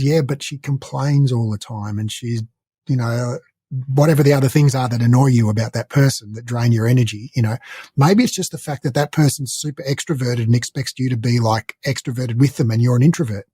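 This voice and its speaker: A man's voice: mid-range voice, fairly quick, dark tone, breathy edge, dry recording. A man co-hosting a podcast, talking casually and rambling with lots of fillers. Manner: rambling, chatty, frequent fillers. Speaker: podcast co-host. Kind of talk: casual conversation.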